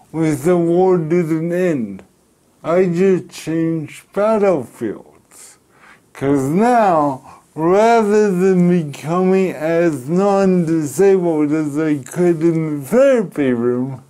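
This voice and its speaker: A middle-aged man from Canada, telling a personal story in an interview, speaking slowly and deliberately with pauses. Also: a little high, warm tone. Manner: slow, deliberate speech with pauses and restarts. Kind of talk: reflective storytelling.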